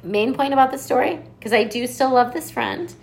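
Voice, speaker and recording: A young woman co-hosting a podcast, telling a story in casual chat, animated and full of "like" fillers and swearing. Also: sits high, moderate pace, vocal fry, slight background noise. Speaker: podcast co-host.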